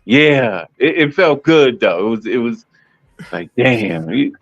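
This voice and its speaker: A man's voice: mid-range voice, lively intonation, a little slow, no echo, muffled recording. A man guest on a casual live-stream chat, telling his story candidly with frequent restarts.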